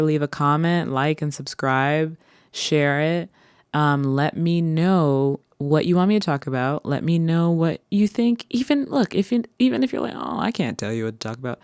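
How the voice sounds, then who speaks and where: Low-voiced playful woman vlogger. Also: a little mellow, clean tone, no room sound, studio quality. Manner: playful, rambling, drawn-out words. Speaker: host. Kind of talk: casual solo vlog chat. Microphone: listening through headphones.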